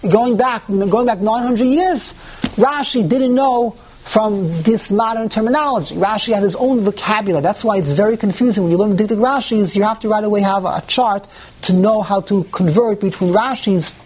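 A man teaching a Talmud class to students in a room, animated and repeating words as he thinks aloud, often asking the class questions and answering them himself. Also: high-pitched, moderate pace. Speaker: Torah teacher.

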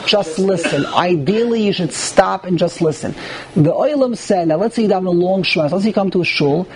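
A man's voice: high voice, fairly quick, a crowd in the background. A man teaching a Torah class on prayer law to a small group, posing rhetorical questions and restarting sentences often.

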